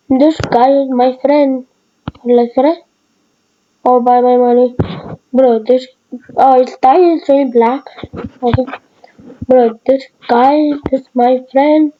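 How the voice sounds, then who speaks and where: A woman giving casual, rambling gameplay commentary in short excited bursts. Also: sits high, lo-fi sound. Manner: excitable, rambling, broken phrasing. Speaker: gaming video creator.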